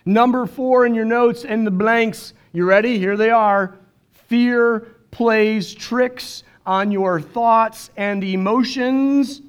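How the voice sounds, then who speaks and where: High-voiced earnest male pastor preaching. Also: fairly even intonation, slow pace, clean tone. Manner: emotional, earnest preaching with quoted dialogue. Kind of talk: sermon. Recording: dull lo-fi sermon recording.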